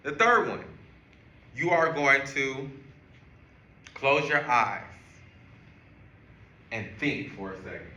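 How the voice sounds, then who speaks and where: A man teaching a group, walking them through breathing and counting in a slow, guiding way. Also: medium pitch, very animated, sharp tone, a little hiss or hum. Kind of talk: classroom lesson on calming strategies. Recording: echoey room.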